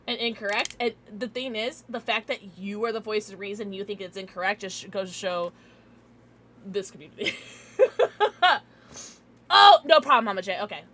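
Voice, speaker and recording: A woman's voice: mid-range voice, animated, moderate pace, fairly bright tone. A young woman streaming from home, chatting casually with viewers in a giggly, tipsy, chatty way. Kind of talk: casual livestream chat with viewers.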